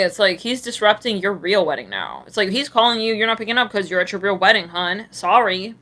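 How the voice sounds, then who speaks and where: Woman tarot reader with a bright, crisp voice and a sassy, blunt streak; slangy, laughs a lot. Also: medium pitch, animated, brisk, hardly any pauses. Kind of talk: live tarot reading for viewers.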